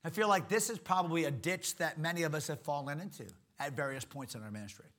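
A male preacher with a high voice delivers a sermon, driving each point home by repeating key words. His tone is sharp and forceful, and he keeps asking the listeners questions. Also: fast.

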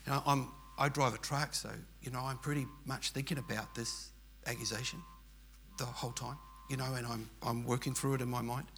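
A man's voice: medium pitch, fairly even intonation, brisk, a bit bright, a little hiss or hum. An older man with an Australian accent, telling a personal story in an earnest, rambling, emphatic way. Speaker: churchgoer telling his story.

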